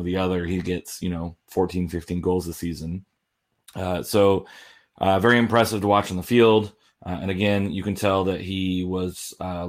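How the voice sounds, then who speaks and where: A man co-hosting a casual sports podcast over a call, measured and earnest, filling with um and you know. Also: low-pitched. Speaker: podcast co-host.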